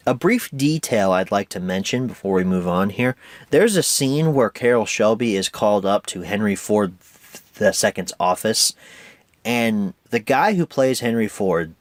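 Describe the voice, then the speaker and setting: A young man hosting a casual home media review, animated and rambling, often correcting himself. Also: on the low side, no echo.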